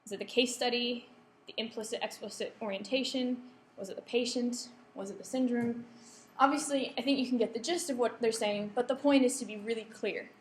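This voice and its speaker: A woman's voice: on the high side, steady tone, a little fast, hardly any pauses, slight background noise. Woman lecturing with ums in a roomy hall. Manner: explanatory, with frequent ums and self-corrections. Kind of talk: academic writing workshop talk. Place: lecture room. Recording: echoey lecture room.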